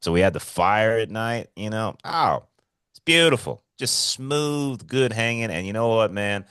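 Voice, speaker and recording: A man co-hosting a podcast in casual chat, excitable and swearing freely, swinging between loud bursts and hushed asides. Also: lowish voice, measured pace, clear, resonant tone, dry recording, clean studio sound. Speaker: podcast co-host.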